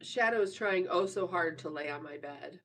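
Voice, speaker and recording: A woman's voice: fairly low pitch, normal speed, distant mic. A woman in her forties chatting casually on a live stream from her bedroom, teasing viewers and laughing often as she reads their comments. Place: home bedroom.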